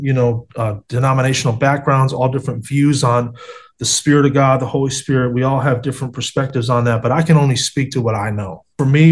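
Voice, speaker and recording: Over a video call interview, a man with a mid-range voice shares his faith story. He sounds earnest and street-casual, often dropping "man" and "bro."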